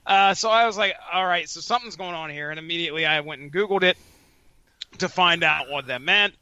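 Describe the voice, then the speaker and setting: High, bright-voiced man telling a story. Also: no room sound. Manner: halting, restarting storyteller. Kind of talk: casual podcast banter.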